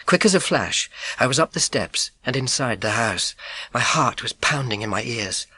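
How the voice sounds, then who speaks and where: Male audiobook narrator, crisp bright tone, animated and dry, for first-person children's fiction. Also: medium pitch, normal speed, no echo. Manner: expressive, suspenseful storytelling.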